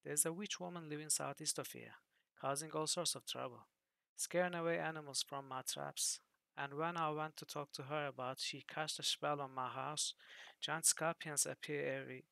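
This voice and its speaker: A man voicing a wary, gruff male trapper, reading a game's dialogue aloud. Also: a little high, fairly even intonation, normal speed, sharp tone, dry recording.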